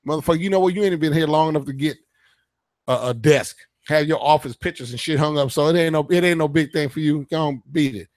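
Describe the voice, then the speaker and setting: A man's voice: on the high side, fast talker, a little mellow, dry recording, studio quality. A man hosting a radio show, ranting in a heated, profane, emphatic way in casual talk. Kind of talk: casual political rant.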